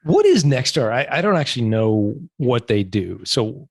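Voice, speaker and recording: A man's voice: mid-range voice, very animated, normal speed, vocal fry, no room sound. A man hosting a podcast, asking short, curious clarifying questions. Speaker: podcast host, interviewer. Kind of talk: casual interview questions.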